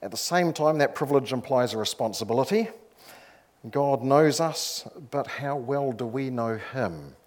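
A man's voice: mid-range voice, lively intonation, moderate pace, a little mellow. A man delivering a sermon in a church, speaking plainly and conversationally. He builds his points with repeated phrases and drops into storytelling with ease. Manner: conversational, with storytelling asides and emphatic repetition. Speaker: preacher.

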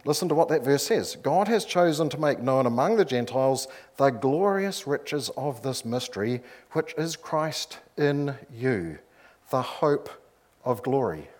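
A man preaching a sermon in a conversational way, with storytelling asides and emphatic repetition. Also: on the high side.

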